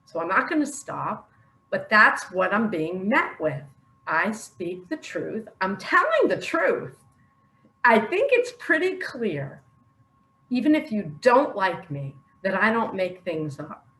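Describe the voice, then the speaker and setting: An older woman who speaks about faith online shares something personal and heartfelt on video, laughing often amid her earnest emotion. She speaks slowly and draws out her words while her pitch rises and falls dramatically, with a slightly bright tone. The room she's in has a noticeable echo.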